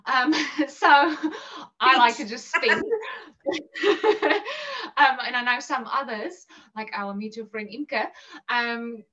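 Afrikaans-accented south african woman on a video call, bright voice, kinda far and muffled, lots of ums. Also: a little high, slow pace, pauses often. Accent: Afrikaans-influenced South African English. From South Africa, Bloemfontein. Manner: chatty and self-deprecating, many ums and laughs. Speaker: interview guest. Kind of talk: casual video interview.

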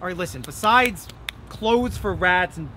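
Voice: mid-range voice, expressive, unhurried, pushed and bright, a little hiss or hum. An actor playing a dry, sarcastic fairy in a comedy web series. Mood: deadpan.

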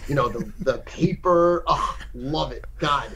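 A man in his sixties talking as a guest over a phone call, boisterous and profane, with sudden loud outbursts. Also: on the high side, a little slow, gravelly, a little hiss or hum. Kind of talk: casual podcast chat.

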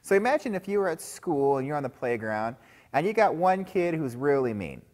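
A man's voice: a little high, sing-song, a little fast, a little mellow. A man giving a chapel sermon to school children, telling a story and often calling them guys. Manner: storytelling, addresses listeners as guys.

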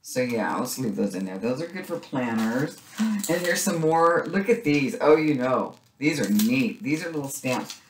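A middle-aged woman chatting casually as she unboxes craft supplies, gushing excitedly with little gasps and cries of delight. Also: very deep voice, unhurried. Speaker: craft vlogger unboxing a subscription box. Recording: echoey room with faint noise.

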